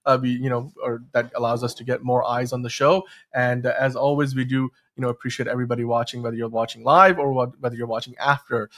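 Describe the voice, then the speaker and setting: A man's voice: mid-range voice, steady tone, fast talker, few pauses, fairly bright tone. Chatty male show host. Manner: chatty, many fillers and restarts. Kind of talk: casual podcast chat.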